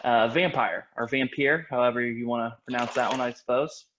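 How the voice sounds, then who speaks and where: A man's voice: mid-range voice, fairly even intonation, a little fast, a bit bright, muffled recording, a little hiss or hum. A man co-hosting a casual gaming podcast, talking in a loose, rambling way and correcting himself as he goes. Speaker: podcast co-host.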